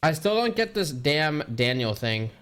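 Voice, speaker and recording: A man's voice: fairly high pitch, big pitch swings, measured pace, a bit bright. A man streamer answering questions in a casual voice chat, hesitant and full of fillers, on a headset mic. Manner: hesitant, thinks aloud with many fillers.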